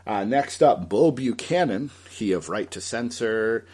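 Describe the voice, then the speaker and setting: A man's voice: fairly low pitch, animated, unhurried, darkish tone, breathy edge. A man hosting a casual solo commentary, rambling and thinking aloud as he corrects himself mid-sentence. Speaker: host.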